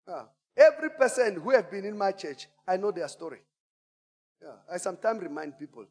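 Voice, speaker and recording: A pastor preaching a sermon, animated and theatrical, moving from quiet asides to shouts. His voice sits high and leaps across a wide range. Long reverb from the church hall trails behind him. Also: brisk. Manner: animated storyteller, call-and-response, swings from hushed to shouting. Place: church auditorium.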